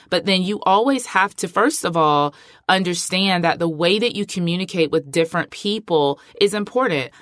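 A woman's voice: on the low side, no room sound, studio quality. A middle-aged woman hosting a podcast, talking in a chatty, emphatic way and often saying "like". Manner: chatty, emphatic, heavy use of filler like. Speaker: podcast host. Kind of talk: casual podcast monologue.

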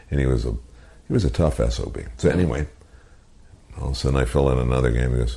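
An older man in his sixties tells radio stories with an extremely deep voice. He spins animated anecdotes, slipping into quoted voices as he goes. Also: quick pace, pauses often. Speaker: radio personality and guest. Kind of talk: storytelling in interview.

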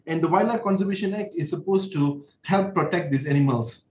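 A man, an animal rights lawyer, explains the law in a measured way as a radio guest, setting out numbered points. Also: fairly high pitch, darkish tone, roomy sound, a little hiss or hum.

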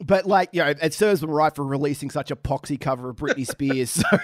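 A man's voice: on the high side, a little fast, no room sound, clean studio sound. A man co-hosting a podcast, telling stories in wry, swearing casual chat. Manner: wry storytelling with heavy swearing. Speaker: podcast co-host.

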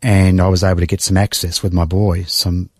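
Emotional Australian man, low voice. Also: little pitch movement, a little mellow, dry recording, studio quality. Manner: emotional, reflective storytelling with sighs and pauses. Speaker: guest. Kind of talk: personal testimony in conversation.

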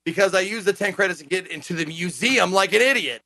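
A man chatting casually as a gaming podcast co-host, animated and profane, acting out quotes as he tells stories. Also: high-pitched, fast talker, no room sound. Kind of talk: casual chat.

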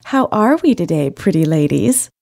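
A woman's voice: lowish voice, sing-song, normal speed, gravelly, a little mellow, no echo, studio quality, exaggerated voice. A woman voicing a friendly, flirty man from the American South with a slight twang. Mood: genial. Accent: Southern US (put on).

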